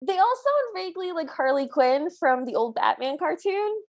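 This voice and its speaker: A woman's voice: very high voice, big pitch swings, normal speed. A woman co-hosting a podcast, chatting and describing scenes from an old cartoon. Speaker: podcast co-host. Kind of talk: casual chat reviewing a cartoon.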